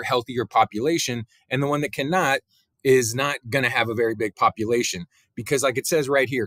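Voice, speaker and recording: A man's voice: medium pitch, a bit bright, dry recording. Man, science teacher, casual lecture, lots of "right?", dry close sound. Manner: casual, explaining with many fillers and "right?" tags. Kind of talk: recorded classroom lecture.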